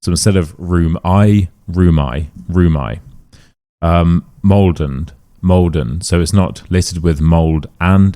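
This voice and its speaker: A man with a British accent teaching pronunciation, repeating phrases slowly for learners to copy. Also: sits low, dark tone. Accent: British English. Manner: slow repeated modelling of phrases. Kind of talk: pronunciation lesson.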